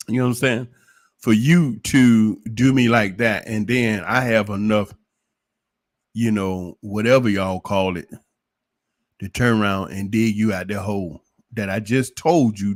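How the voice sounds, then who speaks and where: In an opinionated livestream monologue, a male commentator speaks at medium pitch and a moderate pace. He's preachy and emphatic, firing off one rhetorical question after another.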